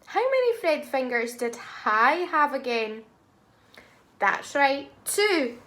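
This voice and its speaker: Lady teacher doing phonics for little kids, slow and bright, sounds everything out, kinda high voice. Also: big pitch swings. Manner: slow, clear and encouraging, exaggerated sounding out. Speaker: primary school teacher. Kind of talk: phonics lesson for young children.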